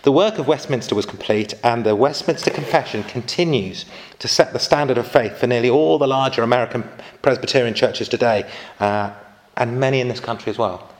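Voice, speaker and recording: Brief: male lecturer, mid-pitched, informal history talk full of asides to his audience. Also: a little fast. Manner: chatty asides and rhetorical questions to listeners.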